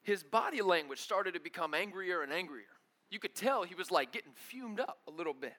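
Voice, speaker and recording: A young male preacher tells a story from the pulpit, voicing each person in it with lively energy. His voice sits high and sounds bright and forward. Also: fairly quick. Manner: animated, acts out dialogue, laughs often. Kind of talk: storytelling sermon.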